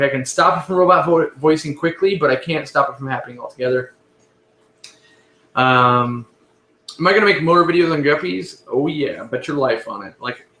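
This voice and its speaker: A man hosting a casual live stream, answering viewer questions in a relaxed, rambling way and often correcting himself. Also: fairly high pitch, roomy sound.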